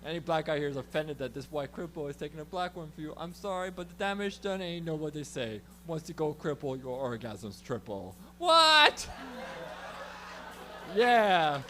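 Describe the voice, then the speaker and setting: A man performing a stand-up comedy set, telling an animated story with shouted sound effects. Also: fairly high pitch, brisk, hardly any pauses, slight background noise.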